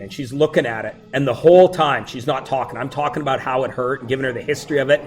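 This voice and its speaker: A middle-aged male teacher telling funny personal stories to his class, animated and breaking into loud exclamations. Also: mid-range voice, fast talker, soft background music. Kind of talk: storytelling to a class.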